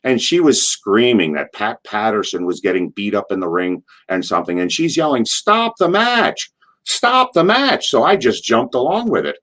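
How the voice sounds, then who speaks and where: A middle-aged man, a former wrestler, telling stories in an interview, rambling through asides and acting out what people shouted. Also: on the low side. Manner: animated, acts out quotes in a loud, drawn-out voice. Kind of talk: casual anecdotal storytelling.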